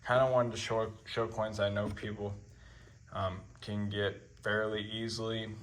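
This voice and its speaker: A man hosting a coin-collecting video channel, talking casually to camera in a relaxed, rambling way, with many ums and uhs. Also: fairly low pitch, measured pace, a little hiss or hum.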